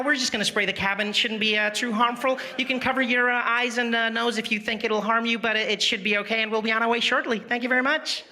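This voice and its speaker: A man putting on a chipper female flight attendant making cabin announcements, brisk and breezy, in noisy venue audio. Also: extremely high pitch, bright, forceful tone, voice pushed up, full character voice.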